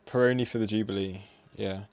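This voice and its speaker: A man's voice: lowish voice, steady tone, brisk, darkish tone, clear, resonant tone, no room sound. A young man from the UK hosting a live crypto trading stream, chatting casually and poking fun at himself as he answers viewers. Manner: chatty and self-deprecating, reacting to chat. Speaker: crypto trading livestream host. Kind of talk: casual livestream chat.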